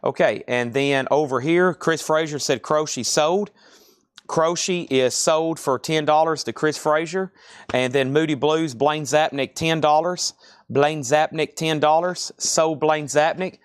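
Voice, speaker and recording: A man hosting a live online record sale, briskly announcing items, prices and buyers in a chatty way. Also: a little high, clear, resonant tone, no echo, clean studio sound. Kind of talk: live online sales patter.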